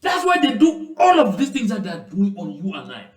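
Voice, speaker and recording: Fiery, animated male commentator. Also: high voice, brisk, roomy sound, rough recording. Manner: emphatic, rising to indignant outbursts. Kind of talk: impassioned commentary.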